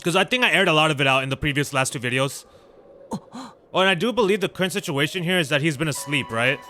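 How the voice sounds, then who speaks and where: A man hosting a gameplay video, chatting casually and excitedly with viewers in slangy talk while he plays, with faint game music behind him. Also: on the high side, fast, a little hiss or hum. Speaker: gaming channel host. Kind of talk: casual let's-play commentary.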